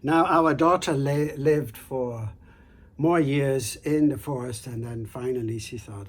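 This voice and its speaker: A man hosting a storytelling show, telling a folk tale in an unhurried, conversational way. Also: mid-range voice, slightly rough. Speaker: storyteller host.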